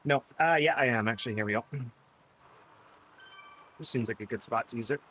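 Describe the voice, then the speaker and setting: A man's voice: mid-range voice, fairly quick, bright, forceful tone, a little hiss or hum. A man live-streaming an indoor cycling ride, chatting casually with his viewers and riding partner and laughing often.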